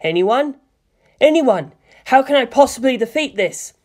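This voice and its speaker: A man's voice: a little high, moderate pace, sharp tone, slightly rough, full character voice. A man doing a panicky teenage boy pilot. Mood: panicked. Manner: shaky, pleading, panicky. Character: frightened teenage boy pilot, anxious and desperate.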